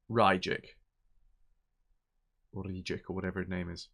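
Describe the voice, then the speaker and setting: A man's voice: low voice, flat delivery, normal speed, creaky, long pauses, a bit bright. A man, chatting casually on a live game stream, thinking aloud and reading out viewer messages.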